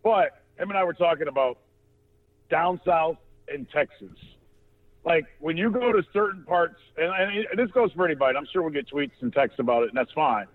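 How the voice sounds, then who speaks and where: A man hosts a casual sports podcast, voice a touch high. He rambles and swears freely, restarting his sentences. The sound is thin and phone-like. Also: animated, moderate pace. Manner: loose, profane, rambling with restarts. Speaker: podcast host.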